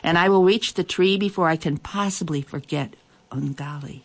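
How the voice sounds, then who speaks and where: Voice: medium pitch, moderate pace, close to an everyday voice. A storyteller voicing an eager young male gazelle. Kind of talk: storybook reading.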